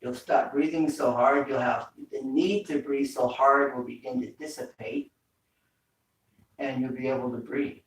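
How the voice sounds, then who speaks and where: A man's voice: mid-range voice, steady tone, unhurried. A man teaching a home workout, coaching breathing with repeated cues. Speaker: fitness instructor. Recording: echoey room, mic far off.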